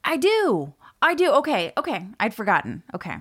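A woman's voice: a little high, wildly swooping pitch, normal speed, fairly bright tone, slightly rough. A woman co-hosting a podcast from home, chatting casually, playful and self-mocking, laughing often. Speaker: podcast co-host. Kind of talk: casual chat. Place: home, by the deck doors.

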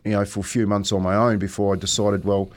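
A man in his forties with a New Zealand accent, hosting breakfast radio and telling stories in a relaxed, reflective way, often saying "mate". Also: fairly low pitch, quick pace. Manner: reflective storyteller, says "mate" often, chuckles. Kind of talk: casual radio chat.

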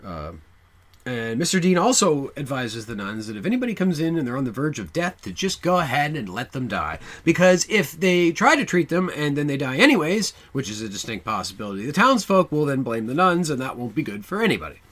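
A man co-hosting a podcast, casually talking through a movie's plot and swinging loud for emphasis. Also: fairly high pitch, big pitch swings, fairly quick. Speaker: podcast co-host. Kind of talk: casual film discussion.

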